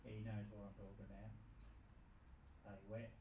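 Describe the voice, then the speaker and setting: A man's voice: lowish voice, completely flat delivery, normal speed. A man hosting a comedy show, rambling and joking with the audience. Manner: rambling, jokey, chats with the audience. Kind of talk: casual stand-up banter. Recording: echoey room, distant mic, faint background noise.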